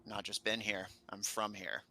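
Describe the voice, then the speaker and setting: A man voicing a mirror-world double who speaks in a flat monotone, low and quiet. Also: normal speed, a little hiss or hum.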